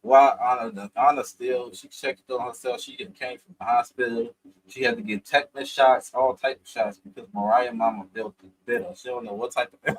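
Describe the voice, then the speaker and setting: A man's voice: medium pitch, brisk, slight background noise, poor audio. A man casually recapping a reality show, slangy and profane, laughing often as he talks. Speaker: reality TV reviewer.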